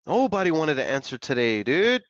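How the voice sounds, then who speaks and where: Excitable young man host, slangy and upbeat. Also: a little high, brisk, dry recording. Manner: excitable, slangy, laughs often. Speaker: live-stream host making real estate calls. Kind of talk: casual live-stream chat. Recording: dull lo-fi dry sound.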